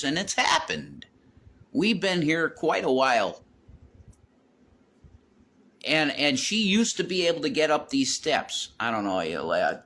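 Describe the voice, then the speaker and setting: A man's voice: fairly high pitch, very animated, a little slow, fairly bright tone. A man rambling and swearing as he walks around his house, vlogging into his phone. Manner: rambling, repeats himself, swears a lot. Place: home, walking around with a phone.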